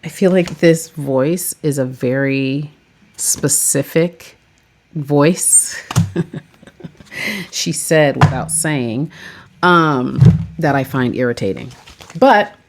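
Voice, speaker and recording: A woman's voice: very deep voice, slow. A woman chatting casually about her tarot decks, rambling and saying "like" a lot. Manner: chatty, rambling, says "like" often. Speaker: tarot reader and vlogger. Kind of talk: casual chat.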